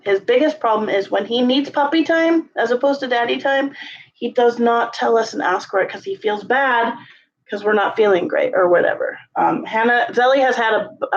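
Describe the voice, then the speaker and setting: A woman with a strained, sick-sounding voice talks casually at home, her speech rambling and full of fillers. Her voice sits a little high, and the recording is dull and lo-fi. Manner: rambling, many fillers, coaxes cat in high sing-song calls. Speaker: vlogger. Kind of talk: casual vlog chat. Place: home closet, indoors.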